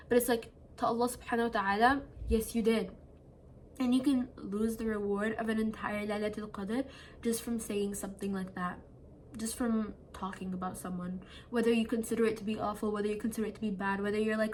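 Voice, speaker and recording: A woman's voice: on the high side, fairly even intonation, quick pace, a little hiss or hum. A young adult woman in a casual late-night chat to her phone camera at home, earnest and full of "like" fillers. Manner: chatty, many "like" fillers, earnest. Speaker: vlogger. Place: at home, seated indoors at night.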